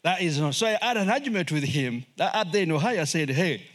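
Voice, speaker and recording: A man preaching as a guest missionary, animated, repeating his words and acting out the voices of the people he talks about. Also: fairly high pitch, fast talker. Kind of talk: lively sermon.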